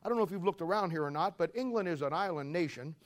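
A man voicing a scheming male foreign leader who makes hushed, menacing threats. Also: a little high, animated, racing, pitched below the performer's own voice, close to an everyday voice.

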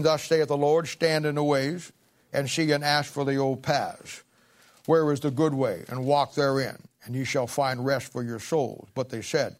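A man preaching as pastor, swelling and slowing to read scripture, then falling back into chatty asides, clearing his throat now and then. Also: mid-range voice. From Ohio, United States. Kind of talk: sermon.

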